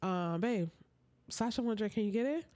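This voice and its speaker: A woman's voice: medium pitch, expressive, fairly quick, warm tone, no echo, voice pushed up, natural voice. Woman doing a pushy jealous young woman.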